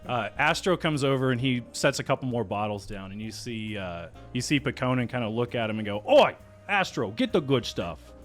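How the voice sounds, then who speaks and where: A man's voice: medium pitch, a little fast, hardly any pauses, a bit bright, soft background music. A man narrating a tabletop game as game master, loose and full of fillers.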